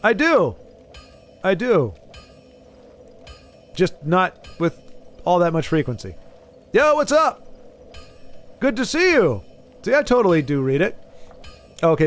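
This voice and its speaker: Male game streamer, fairly high-pitched, casual live chat, rambling, stammering restarts.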